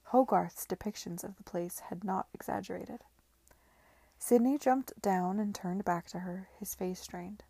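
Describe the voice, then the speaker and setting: A woman reading a novel aloud in a hushed, measured narration. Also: medium pitch, fairly even intonation, vocal fry, breathy edge, dry recording. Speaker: reader.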